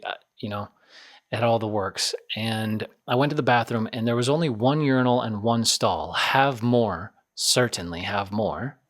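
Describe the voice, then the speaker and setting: A man in his twenties hosting a podcast, telling a story in a rambling, self-deprecating way that circles back and repeats itself. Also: medium pitch. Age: 20s. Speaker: podcast host. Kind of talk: casual storytelling.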